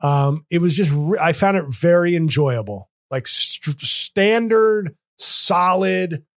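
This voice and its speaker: A man's voice: high-pitched, lively intonation, slow. A man hosting a comedy podcast, talking casually in rambling, self-interrupting runs with joking asides. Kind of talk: casual chat.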